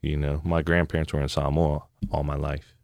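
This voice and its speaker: A man in his thirties from California, a podcast guest talking in a relaxed, heartfelt, reflective way. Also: extremely low pitch, normal speed, gravelly, no echo, studio quality. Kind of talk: casual podcast chat.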